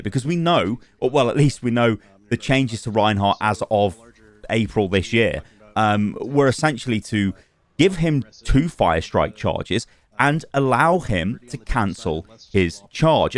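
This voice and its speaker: A man hosting a casual gaming news channel, chatty and animated, laughing at his own asides. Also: fairly low pitch.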